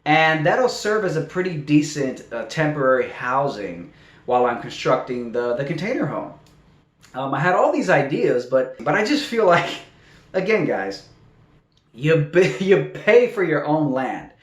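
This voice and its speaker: A man's voice: a little high, sing-song, measured pace. A man vlogging about his building project in a casual, exasperated way, laughing in disbelief as he talks. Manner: exasperated, incredulous, laughs often. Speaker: vlogger building a container home. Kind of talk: casual video diary. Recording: echoey room with faint music.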